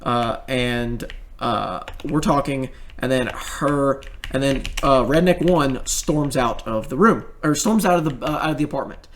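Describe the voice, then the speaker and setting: A man's voice: medium pitch, a little slow, slight background noise. A young man telling a story in casual commentary, rambling and swearing, with many fillers and restarts.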